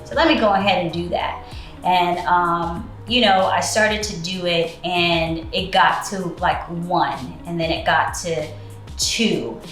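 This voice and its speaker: A woman telling a personal story in casual chat, relaxed and full of fillers. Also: fairly low pitch, takes it slowly, echoey room, faint music behind. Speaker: co-host.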